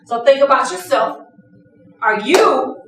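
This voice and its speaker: A woman trainer leading an interactive classroom lesson, lively and playful, acting out examples. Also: high-pitched, unhurried, noisy background. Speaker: workshop trainer. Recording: echoey room from a distance.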